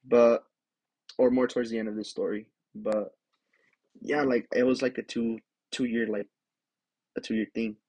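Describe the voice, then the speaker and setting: A man's voice: mid-range voice, steady tone, unhurried, long pauses, a little mellow, breathy edge. A young man from the Denver area telling his own story in a loose, casual way, full of "like" and swearing. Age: young adult. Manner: rambling, fills with "like", swears freely. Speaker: podcast host.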